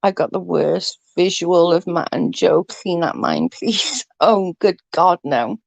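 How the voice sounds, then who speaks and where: Her voice sits lowish, slow and edged with vocal fry, recorded on a close computer mic with no room sound. A woman congested by hay fever chats loosely with her livestream audience, reading out their comments, swearing freely and laughing.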